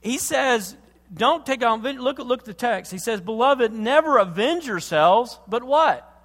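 A man preaches with a high voice and strong feeling, pushing hard on key words and then dropping to a near-hush. His sermon rings out through a hall with a long reverb. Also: animated, measured pace. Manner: impassioned, swings from loud emphasis to hushed tenderness. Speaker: pastor.

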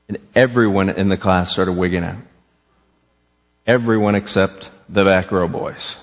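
A man preaching a sermon, animated, asking rhetorical questions and acting out the quoted lines. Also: sits low, measured pace, big-room sound. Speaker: pastor.

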